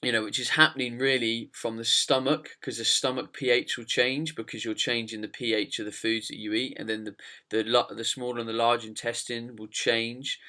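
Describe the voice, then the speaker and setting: A man's voice: mid-range voice, flat delivery, normal speed, bright, forceful tone. A man hosting a podcast, chatting casually and explaining nutrition at length, repeating phrases as he goes. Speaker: podcast host.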